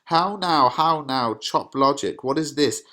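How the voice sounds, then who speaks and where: A man reading the lines of an angry, domineering old father who shouts and scorns. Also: a little high, unhurried, pitched above the performer's own voice. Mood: raging.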